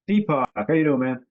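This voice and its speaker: A man hosting a casual live-stream lesson, greeting viewers by name over a video call. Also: medium pitch. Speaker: host and company CEO. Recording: slightly dull video-call audio.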